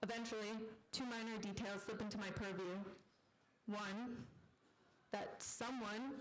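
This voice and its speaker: A woman author reading her own fiction aloud at a live literary event, in a deadpan storytelling manner. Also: medium pitch, low-quality recording.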